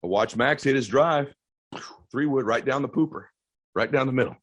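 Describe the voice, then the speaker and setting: A man's voice: mid-range voice, normal speed, no room sound, rough recording. A middle-aged man telling an intense, emphatic story as a motivational speaker, with a little profanity. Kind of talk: motivational storytelling to a live audience.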